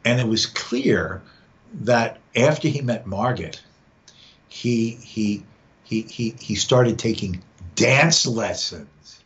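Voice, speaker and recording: Taking it slowly, this male podcast guest has an expressive, mid-range voice that's a bit bright. He repeats words as he sorts out his ideas, and the sound is dull lo-fi with faint background noise.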